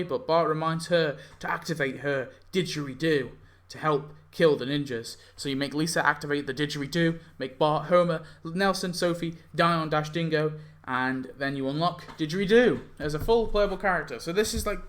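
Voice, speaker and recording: A man's voice: a little high, normal speed, few pauses, fairly bright tone. A young man talking casually through a mobile game event idea, rambling with lots of "like" and self-corrections. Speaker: game YouTuber. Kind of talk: casual commentary on a game concept.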